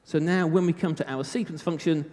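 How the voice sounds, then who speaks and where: A man's voice: fairly high pitch, fairly even intonation, a little fast, mellow. A British man giving a live technical talk at a conference, chatty with self-mocking humor. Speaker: conference speaker. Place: conference hall. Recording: reverberant hall.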